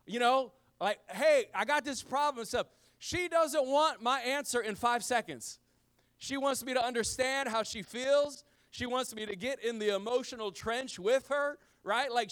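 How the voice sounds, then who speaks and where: A middle-aged man, a pastor, giving a sermon in a casual style with slang, swinging between loud emphasis and hushed, low lines. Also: clean tone.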